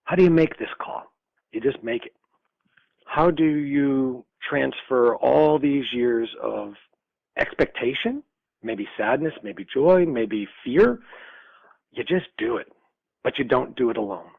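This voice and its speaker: Older male guest, 60s, raspy gravelly storyteller, lively and laughing, on a muffled dry line. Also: mid-range voice, slow, dry recording. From upstate New York. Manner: animated storyteller, laughs often, acts out dialogue. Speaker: podcast guest. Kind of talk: storytelling interview. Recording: dull lo-fi dry sound.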